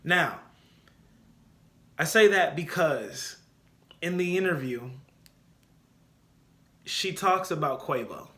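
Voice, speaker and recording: A young man hosting a casual solo podcast, giving opinionated and animated commentary and repeating his points for emphasis. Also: fairly high pitch, slow pace, long pauses. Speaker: podcast host.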